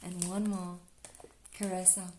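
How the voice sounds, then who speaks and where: A woman giving a relaxed spiritual card reading, talking softly and dreamily with lots of "like" and "you know.". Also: on the low side, a little slow, reverberant. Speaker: astrology and oracle card reader.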